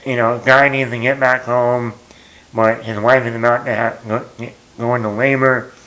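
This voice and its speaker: Guy rambling thru a movie story, self-mocking, lots of ums, medium pitch voice. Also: little pitch movement, normal speed, bright, forceful tone, poor audio. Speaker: movie vlogger. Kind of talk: casual storytelling.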